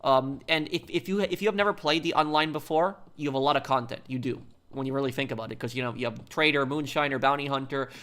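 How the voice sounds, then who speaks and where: A man's voice: mid-range voice, fast talker, few pauses, a bit bright. A man who hosts a live stream from the United States, reading viewer comments aloud and answering them in a rambling, opinionated way while he plays.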